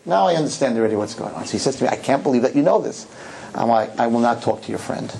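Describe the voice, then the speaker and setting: A man's voice: medium pitch, lively intonation, fast talker, vocal fry, mellow, a little hiss or hum, low-quality recording. A man speaking as a rabbi, telling a story to a live audience and acting out both sides of the conversation in shifting voices.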